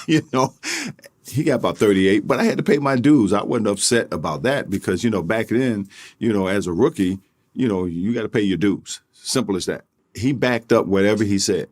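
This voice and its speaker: A low-pitched man, a former basketball player, tells stories from his playing days. He laughs often and keeps the telling animated. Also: brisk. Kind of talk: anecdotal storytelling.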